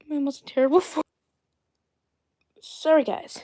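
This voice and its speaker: A woman hosting a casual doll livestream, rambling and often clearing her throat. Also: high-pitched, flat delivery, a little slow, long pauses. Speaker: doll channel host.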